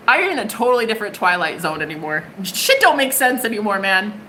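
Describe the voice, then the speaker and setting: A woman's voice: medium pitch, very animated, fairly quick, hardly any pauses, sharp tone, slight background noise, poor audio. A young woman from the United States giving a live-stream tarot reading, chatty and bubbly with plenty of swearing. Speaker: tarot reader.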